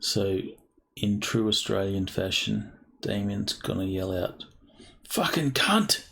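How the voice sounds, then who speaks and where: A man's voice: fairly low pitch, monotone, unhurried, creaky. A man playing a tabletop game, talking casually and joking in character. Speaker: player.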